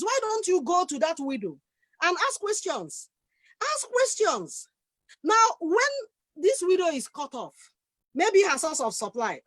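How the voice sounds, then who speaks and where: A woman on a discussion panel, speaking forcefully and with passion from her own experience. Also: sits high, no room sound.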